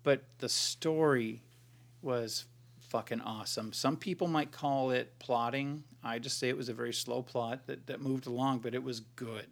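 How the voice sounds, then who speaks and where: A man's voice: mid-range voice, steady tone, moderate pace, vocal fry. A man co-hosting a podcast, chatting casually about movies in a rambling, sarcastic way with plenty of swearing. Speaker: podcast co-host. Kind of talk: casual movie review chat.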